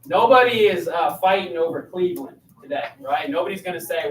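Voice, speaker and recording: A male teacher gives a casual classroom lecture, speaking conversationally and quizzing his students. His high voice is expressive and fairly quick, picked up from a distance in an echoey room with slight background noise.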